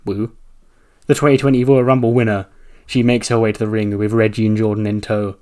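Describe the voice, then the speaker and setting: A man's voice: lowish voice, level tone, a little fast, a little mellow. A man casually narrating a wrestling simulation playthrough, chatty and loose, laughing and swearing as he goes.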